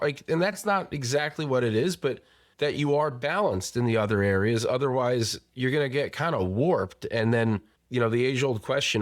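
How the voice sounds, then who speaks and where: A man's voice: mid-range voice, normal speed. Candid, casually swearing male host. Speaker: podcast host. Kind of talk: casual podcast conversation.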